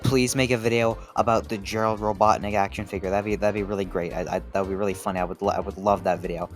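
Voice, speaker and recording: A man's voice: on the low side, fairly even intonation, fast talker, soft background music. A man narrating a casual video essay, swearing often and stumbling over repeated restarts. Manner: profane, rambling, stammering restarts.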